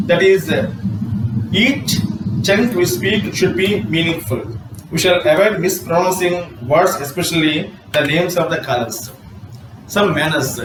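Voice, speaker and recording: A male college English lecturer giving an online class lecture, reading his notes aloud in a measured way with some fillers. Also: fairly high pitch, background noise. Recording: roomy echo from a distance with faint ambience.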